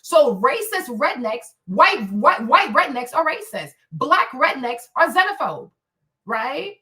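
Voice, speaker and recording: An African woman hosting a livestream talks slowly but very animatedly, her high voice bright and forceful. She rants solo with blunt, profane confrontation, constantly asking "right?", and the mic sits slightly distant.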